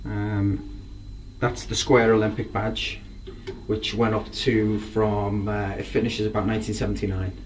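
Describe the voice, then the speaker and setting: In a lowish, level voice at a measured pace, a man casually displays his drum collection, rambling with enthusiasm. The show-and-tell sounds distant, with faint background noise.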